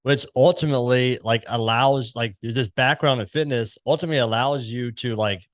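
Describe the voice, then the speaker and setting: A man's voice: mid-range voice, fairly even intonation, normal speed. Rambling man hosting a podcast. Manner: rambling, thinking aloud while framing questions. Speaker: podcast host. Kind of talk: casual interview.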